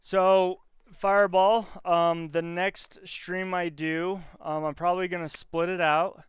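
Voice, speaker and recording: A man's voice: high-pitched, little pitch movement, takes it slowly, clear, resonant tone, no room sound. A man talking casually with viewers on a live stream from his workshop, joking with them as he works. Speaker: livestreamer talking to chat. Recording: slightly dull stream audio, faint music.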